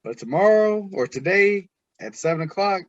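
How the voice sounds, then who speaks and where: A man hosts a casual sports podcast in a slightly raised, animated voice, teasing the others. The recording is dry and somewhat lo-fi, with muffled highs. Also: moderate pace, no echo. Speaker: podcast host.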